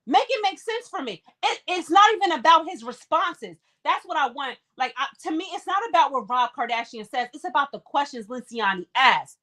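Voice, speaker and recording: A woman's voice: high-pitched, very animated, fairly quick, few pauses, sharp tone. A woman giving impassioned live-stream commentary, firing off rhetorical questions one after another.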